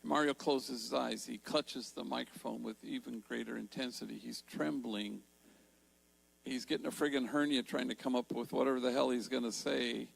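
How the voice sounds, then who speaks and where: An older man giving a storytelling talk in a large church, slowing down to stress key words. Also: mid-range voice, fairly even intonation, vocal fry, poor audio. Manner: warm storytelling, slows for emphasis. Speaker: Jesuit priest and speaker.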